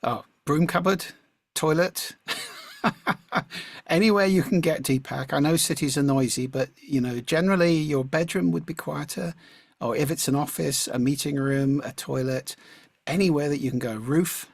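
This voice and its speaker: A man giving calm, reflective answers as a speaking coach, his voice grainy with fry and a little husky. He clears his throat now and then. The sound is close and dry, heard through a video call mic. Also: on the high side, moderate pace, dry recording. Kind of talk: answering audience questions.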